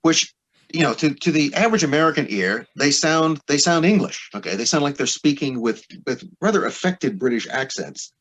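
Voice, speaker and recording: A man's voice: on the high side, lively intonation, moderate pace, fairly bright tone. A man as a podcast guest, explaining history in a discursive, lecturing way full of asides.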